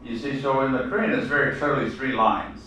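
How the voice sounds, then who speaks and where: A man teaching a seminar class in a halting lecture style, full of fillers and restarts. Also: medium pitch, fairly even intonation, sharp tone, a little hiss or hum. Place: seminar room. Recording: echoey room, mic far off.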